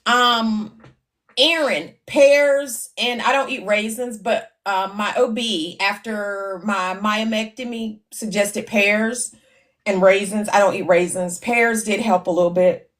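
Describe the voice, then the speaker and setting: Middle-aged woman livestream host, chatty, mid pitch, reading comments. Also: slow, fairly bright tone. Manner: chatty, laughing often, reading comments aloud. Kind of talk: casual livestream chat.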